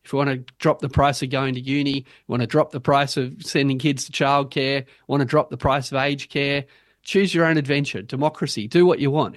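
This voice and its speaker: A man's voice: mid-range voice, no echo. Emphatic Australian man, dry sound. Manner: animated and emphatic, punchy rhetorical lines. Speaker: guest policy advocate. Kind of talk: interview, arguing for a policy.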